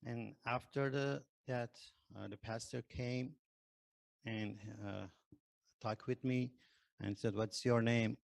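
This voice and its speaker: A man who is not a native English speaker, telling his conversion testimony in hesitant English full of pauses and fillers. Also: medium pitch, steady tone, gravelly, no echo. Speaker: ex-Muslim convert giving testimony. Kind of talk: personal testimony.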